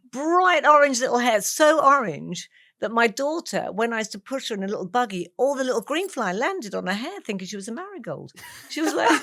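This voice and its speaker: A woman in her sixties from England, a guest talking over memories, with an animated storytelling manner and frequent laughs. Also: a little high, normal speed, no echo, studio quality. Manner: warm storyteller, laughs often, animated asides. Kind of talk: reflective conversation.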